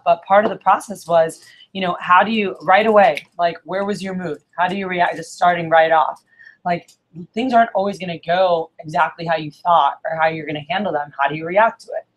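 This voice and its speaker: A woman's voice: lowish voice, brisk. Chatty woman telling a story to a group. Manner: chatty, fills with "like" and checks in with "right?". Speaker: speaker at a group meeting. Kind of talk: casual storytelling talk to a group.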